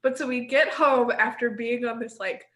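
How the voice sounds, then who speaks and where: Bright-voiced woman in her thirties, echoey room. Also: a little high, moderate pace. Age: 30s. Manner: rambling, animated, laughs often. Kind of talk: casual storytelling chat.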